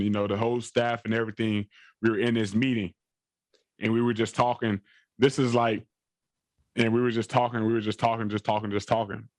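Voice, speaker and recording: A man's voice: medium pitch, dry recording. A young adult man, a college football player, telling a long rambling story in an interview, repeating phrases and leaning on fillers.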